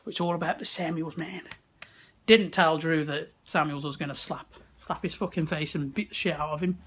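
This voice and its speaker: Chatting casually into a handheld camera at arm's length, a young vlogger from the West Midlands of England laughs and swears often at a wrestling event. His voice is fairly high and fairly bright, with fairly even intonation at a moderate pace, and there is slight background noise.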